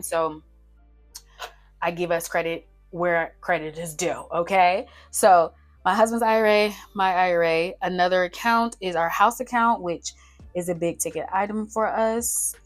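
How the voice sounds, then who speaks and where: A young woman chatting casually to her viewers as she works out a budget on paper, counting figures out loud. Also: lowish voice. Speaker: budgeting vlogger. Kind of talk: casual talk-through while writing a budget. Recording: faint music behind.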